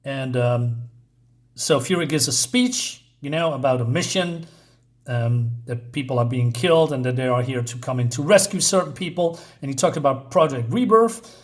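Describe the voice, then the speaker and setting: A man's voice: medium pitch, moderate pace. A man giving a casual comic book review, summarizing the story in rambling talk full of fillers.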